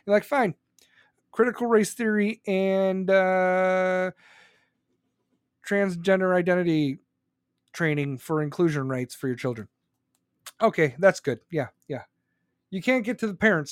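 A man with a high voice rants about politics, swearing freely and mocking his targets with sarcasm. The sound is dry and close, with no room echo. He talks like a live-stream commentator who is fed up. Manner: angry, profane, sarcastic ranting. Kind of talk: profane live-stream rant.

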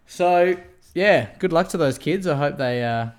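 A man's voice: fairly high pitch, expressive, measured pace. A young Australian man co-hosting a casual podcast, joking and laughing often. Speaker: podcast co-host. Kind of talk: casual chat.

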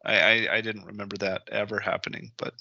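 A man's voice: lowish voice, flat delivery, fast talker, vocal fry, sharp tone, a little hiss or hum. A man on a podcast chatting casually in a hesitant way. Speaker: podcast co-host or guest. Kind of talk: casual chat. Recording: dry, muffled podcast audio.

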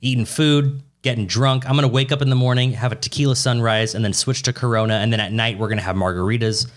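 A man's voice: medium pitch, steady tone, quick pace. A man in casual chat as a podcast co-host, swearing a lot and joking rowdily. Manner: profane, rowdy and joking.

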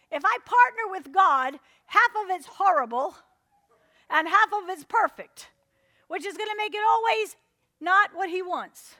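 A woman's voice: very high-pitched, bright, forceful tone, dry recording, studio quality. A woman preaching a sermon, telling stories and acting out her own inner voices, checking in with "amen?" as she goes.

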